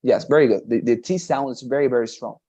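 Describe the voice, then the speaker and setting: A man's voice: medium pitch, quick pace, warm tone, muffled recording. A man teaching English in a one-on-one lesson, encouraging and patient, often repeating praise.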